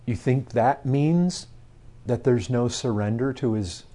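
A man preaching a sermon, asking his congregation questions, dropping to low murmurs and rising to loud declarations. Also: slow.

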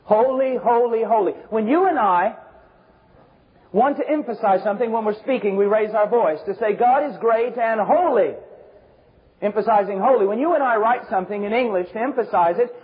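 A man preaching a fervent sermon, swinging between shouted emphasis and low, intense passages. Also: fairly quick, husky. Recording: dull lo-fi recording.

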